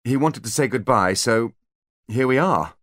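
A man's voice: mid-range voice, animated, a little slow, a bit bright, voice pushed up. A man voicing a curt, no-nonsense female fairy officer in a raised voice. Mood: firm. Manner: curt, firm.

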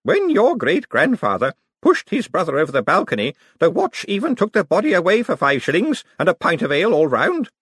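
A man voicing a very small, elderly, prim and quietly ruthless old woman in an audiobook. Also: high voice, wildly swooping pitch, brisk, hardly any pauses, breathy edge, no echo, studio quality, pitched above the performer's own voice, full character voice. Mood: genteel. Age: older. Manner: fussy, prim, genteel. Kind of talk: audiobook character voice.

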